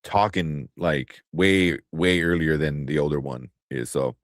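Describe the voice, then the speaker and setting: A man in his thirties co-hosting a casual chat, acting out stories about his kids with big jumps in pitch. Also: measured pace, no room sound, studio quality. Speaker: podcast co-host.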